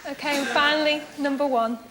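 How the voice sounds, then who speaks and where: A woman contestant asking questions in a bright, giggly manner. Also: high voice, fairly even intonation, a little fast, long reverb tail, over a noisy crowd. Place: TV studio with live audience. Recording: loud studio audience and noise.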